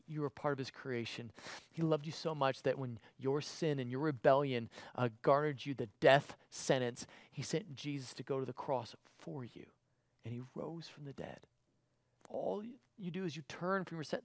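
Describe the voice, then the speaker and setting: A man preaching a livestreamed sermon, conversational and emphatic, moving between loud exclamations and quiet pleading. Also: mid-range voice, a little fast, no room sound.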